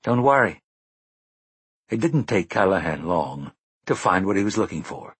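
A man reading an audiobook in measured, even scripted narration. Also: low-pitched, husky, no room sound.

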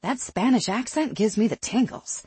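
A woman's voice: fairly high pitch, normal speed, darkish tone, breathy edge, dry recording, voice pushed up. A narrator voicing a blind young woman with a Southern accent, playful and cheeky. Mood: teasing.

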